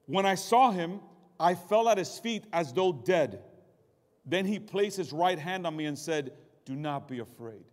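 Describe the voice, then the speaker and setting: A male pastor preaching a dramatic sermon, dropping low and quiet and then rising loud, and mocking excuses in a put-on voice. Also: expressive, a little slow. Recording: long hall reverb.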